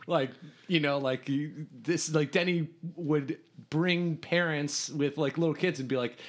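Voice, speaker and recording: A man from Hungary, a podcast guest, telling a story in an animated, rambling way with lots of restarts. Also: on the high side, measured pace. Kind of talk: casual storytelling.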